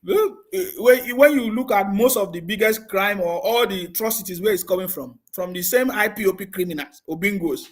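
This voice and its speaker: A man's voice: high-pitched, moderate pace. A man hosting a heated live stream, mocking his critics, laughing often and reading out viewer comments with scorn.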